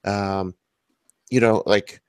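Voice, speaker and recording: Low-voiced podcast co-host with dry quips. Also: male voice, fairly even intonation, extremely slow, smooth, dry recording. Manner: brief agreeing replies, dry quips. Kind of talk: casual round-table chat.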